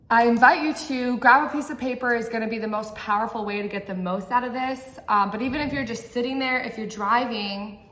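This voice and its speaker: A woman's voice: mid-range voice, sharp tone. A woman speaks to camera as a mindset coach, earnest and direct. Her voice sits in the middle range. She keeps checking in with the listener as she goes, and the room around her rings with echo. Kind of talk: motivational talk to camera. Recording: echoey room.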